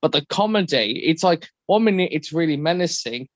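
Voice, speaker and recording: Expressive and brisk, this man co-hosts a casual podcast, rambling on and performing quotes in high-pitched voices. There's no room sound, and the audio is dull.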